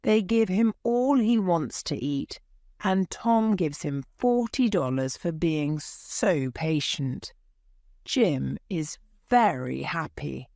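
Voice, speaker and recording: A woman narrating a graded-reader story in the first person with a clear, expressive reading. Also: low-pitched, takes it slowly, dry recording, clean studio sound. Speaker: audiobook narrator.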